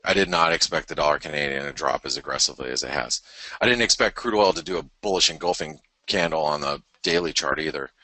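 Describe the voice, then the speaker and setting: A man's voice: a bass voice, fast talker, bright, forceful tone, no echo, low-quality recording. A male trading show host talking through market charts in a loose, rambling way with many fillers and restarts, tired and yawning early in the morning. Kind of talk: live market chart analysis.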